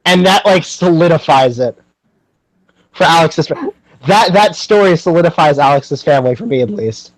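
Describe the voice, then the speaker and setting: A man's voice: a little high, lively intonation, normal speed, dry recording, rough recording. A young man hosting a podcast, chatting casually and animatedly, with lots of fillers and frequent laughter. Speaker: podcast host.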